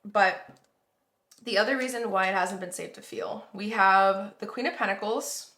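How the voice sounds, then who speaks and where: A woman talks through a tarot spread in a loose, rambling way, full of "like" and "um". Her voice is bright and forward, and the sound bounces around an echoey room. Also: mid-range voice, normal speed. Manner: rambling, conversational, reassuring, many fillers. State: yawning, tired. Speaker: tarot reader. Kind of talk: casual tarot reading to viewers.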